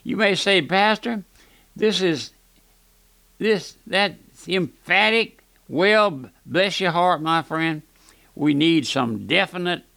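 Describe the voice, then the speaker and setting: A man's voice: a little high, sharp tone, smooth, no echo. An older man, a radio pastor, preaching an emphatic, folksy sermon and repeating his phrases.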